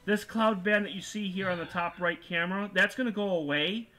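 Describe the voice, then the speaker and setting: A man with a high, bright, forward voice hosts a casual astronomy livestream. He talks over an online call in a loose, rambling way, full of restarts and filler words. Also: brisk. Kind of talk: casual live-stream chat.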